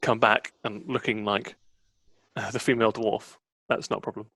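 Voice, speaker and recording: A man running a tabletop roleplaying game as dungeon master, chatty and relaxed, often laughing with the players. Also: lowish voice, moderate pace, no echo.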